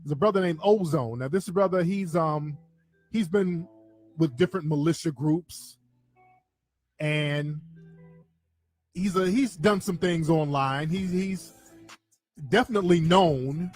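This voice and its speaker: A man giving casual, animated commentary straight to his viewers, repeating himself for emphasis. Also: a little high, unhurried, pauses often, soft background music. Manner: animated, repetitive, talks to viewers directly. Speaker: online commentator.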